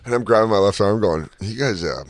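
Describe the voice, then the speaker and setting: A man's voice: on the low side, fast, no echo. A man who does stand-up, riffing and acting out bits in a casual podcast chat. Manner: animated riffing, acts out voices. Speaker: comedian, podcast co-host.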